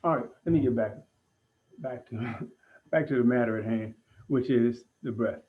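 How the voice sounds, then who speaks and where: Male breathwork instructor, measured guiding delivery, mid-range voice, muffled stream sound. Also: medium pitch. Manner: calm, deliberate instruction with pauses. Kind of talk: guided breathing lesson.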